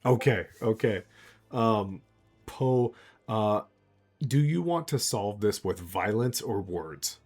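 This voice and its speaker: A man's voice: on the low side, expressive, takes it slowly, darkish tone, slightly rough, faint music behind. Rambling laughing male game master. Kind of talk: narrating a tabletop game.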